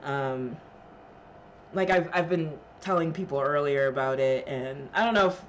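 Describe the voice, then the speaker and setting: A woman's voice: rumbling low, measured pace, lo-fi sound, a little hiss or hum. A woman streamer chatting casually with her live chat, emotional and laughing, thanking viewers with lots of fillers.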